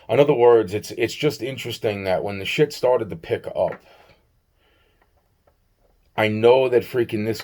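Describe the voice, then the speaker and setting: A man recounting a strange encounter in a rambling, profane way, acting out both sides of the dialogue and repeating himself often. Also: fairly low pitch. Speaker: vlogger. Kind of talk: rambling personal storytime.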